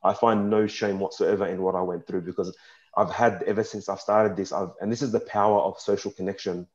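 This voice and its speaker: A young man talks frankly and earnestly at a panel, his voice sitting fairly low. His speech halts now and then as emotion comes through. The recording sounds dull and lo-fi. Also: little pitch movement, brisk, a little mellow. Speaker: panel speaker. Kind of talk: personal testimony at a panel talk.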